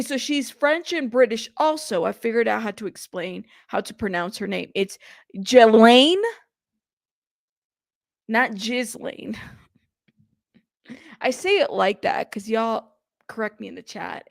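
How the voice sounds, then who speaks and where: Chatty woman live-streamer with gravelly fry. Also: on the high side, normal speed, no room sound, studio quality. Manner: chatty, reads viewer chat aloud and gives shout-outs; playful, teasing. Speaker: livestream host. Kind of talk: casual live-stream commentary.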